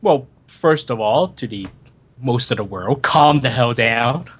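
A man's voice: medium pitch, lively intonation, a little slow, a bit bright, slightly rough. A man co-hosting a podcast, trading wry jokes and covering the news in casual chat. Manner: joking, wry. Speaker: podcast co-host reading news.

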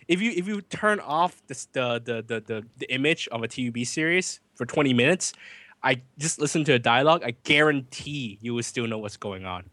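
A man's voice: mid-range voice, lively intonation, a little fast, pushed and bright, no room sound. A man co-hosting a podcast, ranting with strong opinions in casual chat. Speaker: podcast co-host and film reviewer.

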